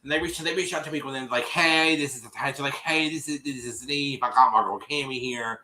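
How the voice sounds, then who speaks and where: A man's voice: mid-range voice, a little fast, background noise. A man hosting a show, casually recapping a reality episode, rambling with many restarts and acting out quotes.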